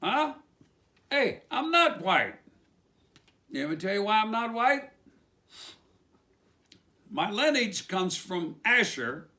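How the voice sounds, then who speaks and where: Lively high West Virginia-accented preacher man. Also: slow pace, pauses often. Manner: rambling, with rhetorical questions. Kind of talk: informal sermon monologue.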